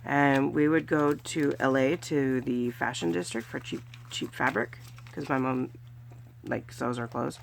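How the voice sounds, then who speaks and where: A woman from California narrates her budgeting video in an extremely low, level, gravelly voice at a measured pace, with a little hiss or hum underneath. She's a chatty budgeting vlogger doing cash challenges, counting money aloud and letting out small cheers.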